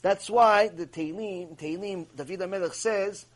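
A man's voice: high-pitched, moderate pace. A man giving a mussar lecture as a Torah teacher. He is emphatic, repeats himself and asks many rhetorical questions.

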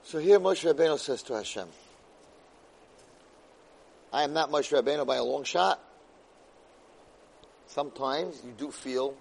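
A man giving a weekly Torah portion class, weaving Hebrew verses into English and swinging dramatically between loud and soft delivery. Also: medium pitch, measured pace, vocal fry, long pauses, rough recording. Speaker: Torah lecturer.

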